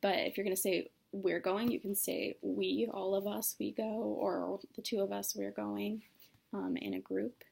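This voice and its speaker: A woman's voice: mid-range voice, level tone, a little slow, vocal fry, darkish tone, slightly rough. A young woman explaining sign language signs in a casual solo lesson, with many fillers and self-corrections. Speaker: student demonstrating sign language.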